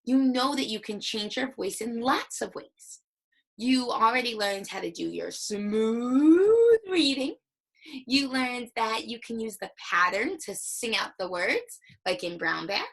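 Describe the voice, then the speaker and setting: A young woman teacher giving a recorded reading lesson to young children, with exaggerated, animated demonstrations. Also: fairly high pitch, unhurried, vocal fry, slightly rough, low-quality recording.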